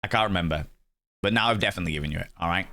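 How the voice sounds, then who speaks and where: Guy, game streamer, lower voice, rambling casual chat. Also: racing, pushed and bright. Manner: chatty, rambling and self-mocking. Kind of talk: casual live-stream commentary.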